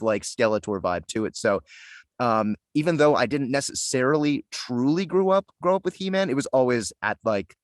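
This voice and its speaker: A man in a casual interview, chatting about his work as a voice actor. His voice sits at an ordinary middle pitch, and the recording is close and dry. He rambles easily, restarting sentences and joking at his own expense. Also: fairly bright tone, no room sound. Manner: chatty, self-deprecating, lots of fillers and restarts. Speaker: voice actor guest.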